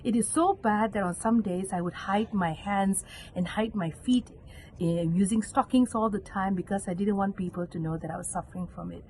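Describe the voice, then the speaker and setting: A woman's voice: normal speed, a little mellow, a little hiss or hum, rough recording. A woman with a Malaysian English accent giving an earnest devotional reflection on a scripture reading, as a lay catechist. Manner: earnest, acts out quoted voices with sudden pitch jumps.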